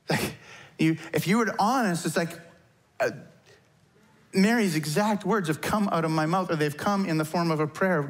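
Conversational male pastor preaching a sermon. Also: a little fast. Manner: conversational, acts out prayers with rising pitch.

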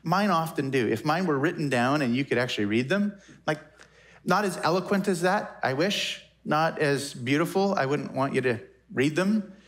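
A man's voice: a little high, expressive, normal speed. A male pastor giving a conversational, reflective sermon, often restarting his sentences.

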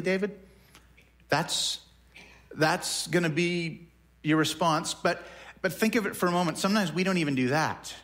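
A man's voice: a little high, fairly bright tone. A man preaching a sermon in a conversational way, often repeating words as he works through a thought. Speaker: pastor.

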